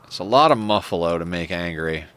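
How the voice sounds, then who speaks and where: A man's voice: low-pitched, lively intonation, fairly quick, a bit bright, clear, resonant tone. Rambling, cursing male game streamer. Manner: rambling, profane, chuckles often. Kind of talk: casual live-stream game commentary.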